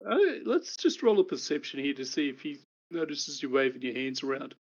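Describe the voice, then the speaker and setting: A man's voice: mid-range voice, expressive, a little fast. A man narrating as game master, describing scenes and voicing characters. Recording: dull lo-fi mic.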